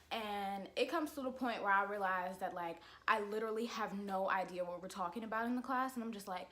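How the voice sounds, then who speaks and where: A young woman telling a casual storytime vlog at home, chatty and expressive, with loud exasperated rants. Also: mid-range voice. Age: young adult. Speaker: college student vlogger. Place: at home, indoors.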